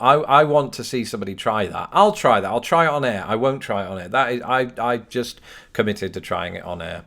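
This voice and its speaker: A young man with an English accent answers viewer questions to camera in a vlog. His voice sits a little low, and he talks with wry, self-mocking asides. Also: fairly bright tone. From Britain. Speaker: host.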